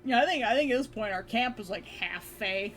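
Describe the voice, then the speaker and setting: A woman's voice: fairly high pitch, expressive, brisk, a bit bright. A woman streamer chatting casually, rambling and laughing often between phrases. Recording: background music under voice. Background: background music.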